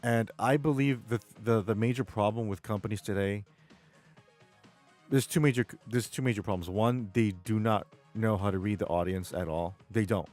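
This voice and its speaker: A man's voice: on the low side, normal speed, darkish tone, faint music behind. A man with a New York accent, chatting casually on a live stream while gaming, rambling and reading chat aloud.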